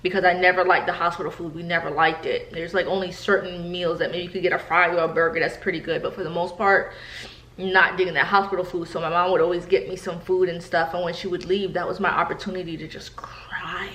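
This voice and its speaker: Candid low-voiced woman vlogger, echoey room. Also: flat delivery, fast, a bit bright. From New York. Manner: candid, chatty, often addresses viewers directly. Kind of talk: personal storytelling to camera.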